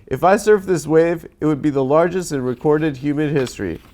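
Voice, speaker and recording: A man's voice: on the high side, darkish tone, close to an everyday voice. A man with a cold reading the part of an earnest, brave young male hero in a comedy sketch, with no accent. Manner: plain reading, deliberately no accent. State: has a cold.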